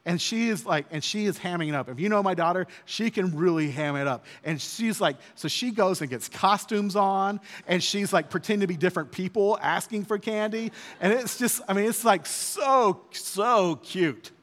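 A man's voice: sits high, moderate pace, few pauses, a bit bright. A man in his thirties preaching an earnest, conversational sermon as a pastor. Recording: long hall reverb.

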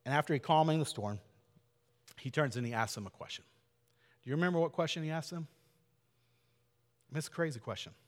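An earnest male pastor preaches in a casual, conversational way, now and then sinking to a near-whisper to make a point. His voice sits fairly high and echoes through a church auditorium with a long reverb. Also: expressive, fairly quick, pauses often. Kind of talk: sermon.

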